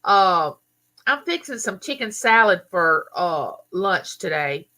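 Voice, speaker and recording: A woman's voice: mid-range voice, very animated, slow pace, sharp tone. A woman with a Southern US accent, from Mississippi, hosting a casual live chat and chattily greeting viewers by name. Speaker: livestream host.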